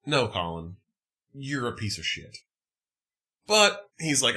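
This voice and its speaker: Bright, animated man ranting. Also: medium pitch, takes it slowly, long pauses. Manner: animated, profane, exasperated ranting. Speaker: podcast host. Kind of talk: casual movie chat.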